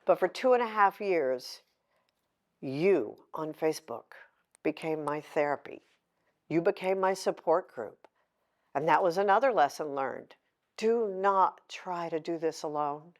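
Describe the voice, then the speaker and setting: A woman's voice: sits low, expressive, a little slow. A middle-aged woman author giving a candid, heartfelt talk to an audience, mixing emotion with self-deprecating humor. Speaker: author at a book signing.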